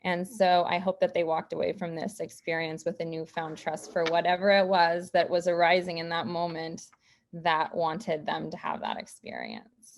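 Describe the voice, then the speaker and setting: A woman speaking reflectively on a panel in a soft manner. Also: lowish voice, vocal fry. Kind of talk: panel talk.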